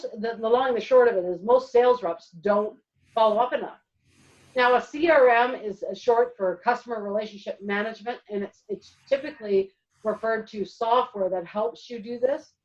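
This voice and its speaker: A woman presenting a networking webinar in a lively, chatty way, with many fillers. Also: a little high. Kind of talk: webinar talk. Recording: dull, distant call audio.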